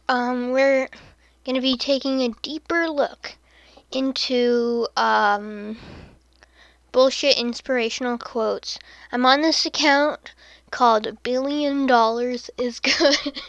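A woman hosting a podcast in casual commentary, sarcastic, laughing often and dropping into soft muttered asides. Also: high-pitched, dry recording, dull audio. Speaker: podcast host.

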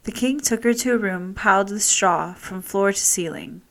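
A woman storyteller reading a fairy tale aloud with steady, expressive delivery. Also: mid-range voice, normal speed, creaky.

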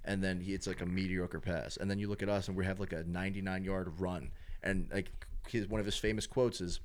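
Young guy with a really low voice, chatting sports, lots of likes and um, gets worked up doing impressions. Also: a little fast. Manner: rambling, heavy use of filler words; animated when acting out announcers and fans. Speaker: sports fan. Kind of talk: casual chat.

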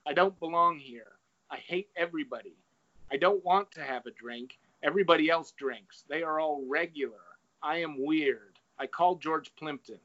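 A man's voice: fairly high pitch, moderate pace, pushed and bright. A man in casual chat, retelling an essay and reading quoted passages aloud. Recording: dull lo-fi recording.

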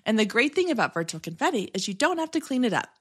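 A woman's voice: on the high side, sing-song, fast, slightly rough. A woman, hosting her own podcast in an upbeat, chatty way, often restarting and saying "like". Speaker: podcast host. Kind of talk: solo podcast episode.

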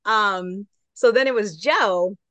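Lively woman telling a story. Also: mid-range voice, slow pace, no echo. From Long Beach, California. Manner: lively storyteller, acts out quotes. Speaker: guest correspondent. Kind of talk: casual chat.

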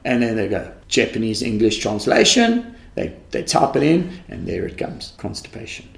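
A man, a karate instructor in a podcast interview, telling animated stories that he acts out. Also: lowish voice, normal speed, creaky. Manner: animated storyteller who acts out quotes and laughs often. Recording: echoey room.

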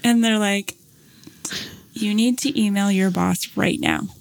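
A woman's voice: medium pitch, a little slow, creaky. A woman in casual conversation, telling a long anecdote, acting out what people said, with plenty of fillers. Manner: animated storyteller, acts out quotes, many fillers. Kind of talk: casual storytelling chat.

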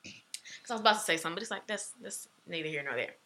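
A young adult woman with a fairly low voice tells a personal story in casual chat. She talks fast, with emphatic, animated delivery.

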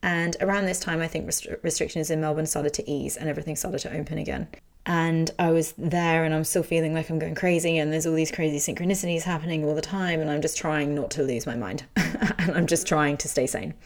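A woman hosting a podcast, telling a personal story in frank, animated casual talk and swearing freely. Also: low-pitched, a little fast.

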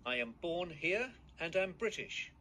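A man plays an exasperated British charity founder answering the same question again and again. The delivery is firm, with a high voice that moves a lot. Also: sing-song, unhurried, bright, forceful tone, a little hiss or hum, exaggerated voice.

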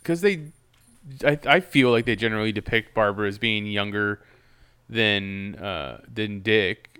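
A man's voice: fairly low pitch, unhurried, bright, forceful tone, clean tone. A man co-hosting a podcast in casual chat, musing aloud and hesitating often. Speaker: podcast co-host.

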